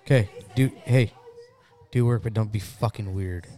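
A man's voice: lowish voice, normal speed. A man in a rowdy casual podcast chat, blunt, crude and swearing. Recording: loud background noise.

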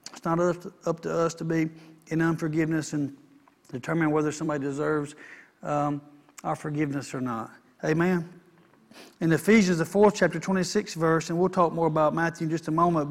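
A man preaching a sermon, folksy, repeating lines and calling for amens. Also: high voice. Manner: folksy, repeats himself, asks the congregation for amens. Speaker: pastor.

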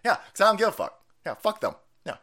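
A man hosting a stream, ranting profanely with sudden shouts and mocking put-on voices. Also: high-pitched, huge pitch swings, quick pace. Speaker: streamer host. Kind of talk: profane political rant commentary.

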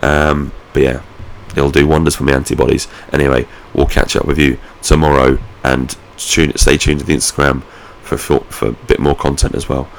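A man with an extremely deep, gravelly voice, telling a story in a loose, rambling way. His talk is casual and full of swearing, and he pokes fun at himself. A faint hiss of noise sits behind him as he vlogs from home. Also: level tone, moderate pace. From United Kingdom. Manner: sweary, rambling, self-mocking. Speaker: vlogger. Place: at home, indoors.

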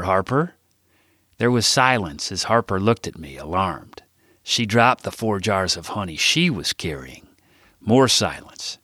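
Deep-voiced man reading his own story. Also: no room sound, clean studio sound. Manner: jumps much higher and louder for dialogue. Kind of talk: first-person audiobook narration.

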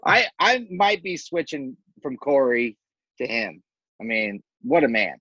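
A man's voice: medium pitch, sing-song, unhurried, pushed and bright, no echo, muffled recording. A man co-hosting a casual reality TV recap podcast, laid-back and slangy with lots of fillers. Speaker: podcast co-host.

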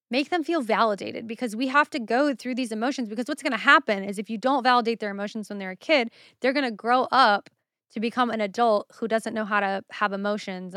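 Woman podcast host, solo show, candid and casual, smooth voice in a dry booth. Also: on the high side, a bit bright, no echo. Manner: candid, casual, swears freely.

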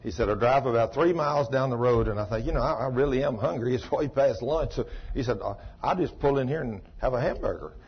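A man's voice: medium pitch, quick pace, few pauses, breathy edge. A man, a pastor preaching a sermon in a folksy way, exclaiming and acting out the dialogue of a story he retells. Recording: muffled lo-fi sermon tape.

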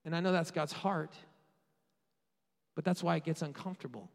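A man preaching a sermon with passion, rising to loud peaks and dropping to quiet asides. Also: fairly high pitch, normal speed, creaky. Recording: long hall reverb.

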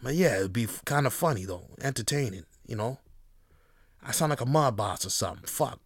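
A man's voice: mid-range voice, expressive, fairly quick, no echo, studio quality. A man hosting his own show, talking in a loose, profane solo monologue with laughing asides. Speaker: host.

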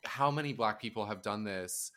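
A man's voice: on the low side, moderate pace, pushed and bright. A man co-hosting a podcast in casual chat, ranting with heavy swearing and sarcasm. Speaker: podcast co-host.

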